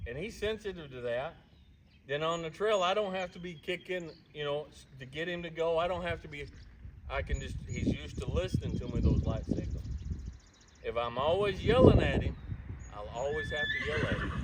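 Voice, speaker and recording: Man, horse trainer, calm patient teaching, slightly high voice, far from the mic, clear outdoor noise. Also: normal speed. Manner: calm, patient explaining while working a horse. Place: outdoor round pen with horses.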